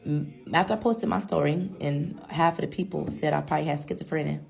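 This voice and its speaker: A woman's voice: low-pitched, steady tone, fast talker, gravelly, a little mellow, faint music behind. A woman vlogger telling a story to her viewers in a chatty, slangy, casual way, calling them girl and child.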